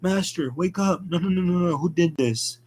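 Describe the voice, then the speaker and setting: A man voicing a giggling, unhinged masked female killer with a shrill, taunting manner. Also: normal speed, darkish tone, breathy edge. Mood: shrieking.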